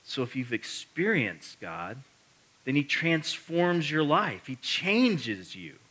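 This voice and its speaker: A man's voice: on the high side, very animated, takes it slowly, a bit bright, slightly rough. A man preaching a sermon as pastor, earnest and building to emphatic repetition, with casual self-correcting asides.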